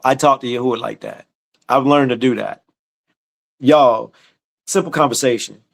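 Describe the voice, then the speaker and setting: A man leading a casual Bible study, talking in a laid-back, conversational way with many restarts and repeated phrases. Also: a little high.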